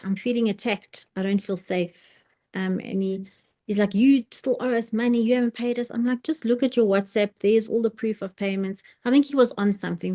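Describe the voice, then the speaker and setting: Woman retelling a tense story. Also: medium pitch. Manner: animated retelling with quoted dialogue, frequent restarts. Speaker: participant in an online sharing circle. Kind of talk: casual personal storytelling. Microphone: video call.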